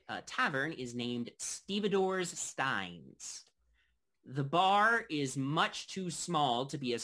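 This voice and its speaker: Give me a man running a tabletop game, bright tone, loose and halting. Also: on the high side. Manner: loose, halting narration with many fillers. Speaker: game master.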